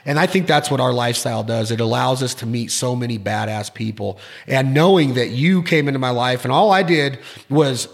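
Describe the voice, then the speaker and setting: A man's voice: medium pitch, expressive, brisk. A man hosting a casual interview podcast, talking with enthusiasm in long, rambling sentences and often repeating his words. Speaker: podcast host.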